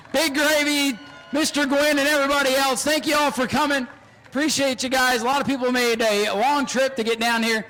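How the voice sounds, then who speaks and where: A man announcing a short-track race and emceeing the winner's interview, excitable and shouting on close finishes. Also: very high voice, poor audio. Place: outdoor speedway.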